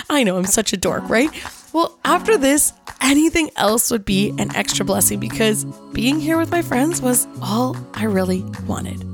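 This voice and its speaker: A woman in her forties tells a personal story as a podcast host. Her fairly high voice swoops with lively, playful animation. Clear music plays beneath her narration. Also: measured pace. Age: 40s.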